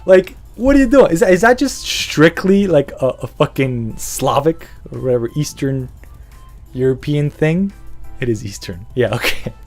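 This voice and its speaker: A man's voice: fairly high pitch, animated, moderate pace, soft background music. A man hosting a podcast, rambling through a profane, casual rant and laughing often. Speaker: podcast host.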